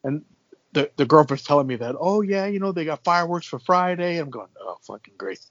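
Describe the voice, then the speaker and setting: A man's voice: fairly high pitch, fairly quick, a bit bright, no room sound, muffled recording. A man telling a neighbor story in casual chat on a call, profane and wisecracking.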